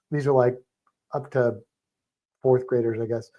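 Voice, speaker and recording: A man co-hosting a livestream, chatting casually with viewers in a rambling, animated way and often breaking off mid-sentence. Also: mid-range voice, moderate pace. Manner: rambling, self-interrupting, animated storytelling. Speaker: livestream co-host.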